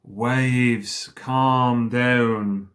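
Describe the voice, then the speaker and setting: A man voicing a calm, gentle grown man who hushes a storm, speaking quietly, slowly and soothingly. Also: mid-range voice.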